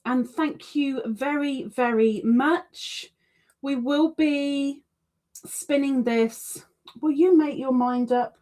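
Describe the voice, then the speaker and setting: In a high, mellow voice, a woman takes her time on a relaxed crafting livestream, going through viewer comments with self-deprecating, chatty remarks. She's hosting a crochet stream.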